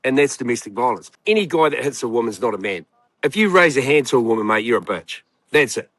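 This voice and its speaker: A man's voice: mid-range voice, lively intonation, fast, a bit bright, dry recording. Kiwi guy yakking away on a chat show, loose and sweary, lots of um and like, dead dry sound. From New Zealand. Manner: rambling, swearing storyteller full of fillers. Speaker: guest. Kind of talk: casual chat.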